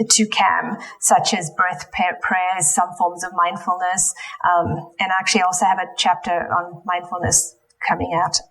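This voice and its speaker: A woman's voice: medium pitch, a bit bright, poor audio. A woman giving a lecture in a church, speaking with frequent ums and self-corrections. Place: church hall.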